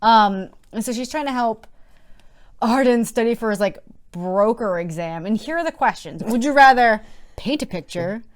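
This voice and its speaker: A woman's voice: fairly high pitch, lively intonation, normal speed. A woman co-hosting a podcast, recapping a book in casual chat with sarcastic, swearing asides. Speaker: podcast co-host.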